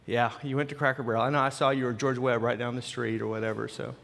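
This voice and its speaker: A man's voice: medium pitch, little pitch movement, quick pace, creaky, fairly bright tone. A man who is a senior pastor, preaching a sermon in a loose, conversational way full of restarts and asides. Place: church sanctuary with live congregation. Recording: long hall reverb.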